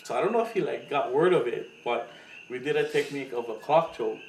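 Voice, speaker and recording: A man's voice: mid-range voice, fairly quick. A man from Hawaii, co-hosting a podcast and telling a story in casual chat, acting out what others said. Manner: animated storyteller, acts out quotes with loud laughing voices. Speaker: podcast co-host. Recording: echoey room, mic at a distance, faint noise.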